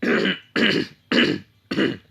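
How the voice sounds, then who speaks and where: A man's voice: drawn-out words, pushed and bright. A man casually telling a fan-fiction story, rambling and swearing with many fillers, tired after little sleep.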